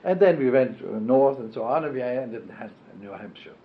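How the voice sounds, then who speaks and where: Older male interviewee, middle pitch, halting and self-correcting; muffled lo-fi tape. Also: lively intonation, slight background noise. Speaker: oral history interviewee. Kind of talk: reminiscing oral history interview. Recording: dull lo-fi archival tape.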